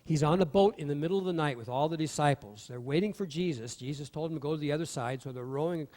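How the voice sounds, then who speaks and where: An animated male pastor preaching in a church, his voice sitting a touch high for a man. A long reverb trails each phrase through the hall. He acts out the voices in the stories he tells. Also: quick pace. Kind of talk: sermon. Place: church sanctuary.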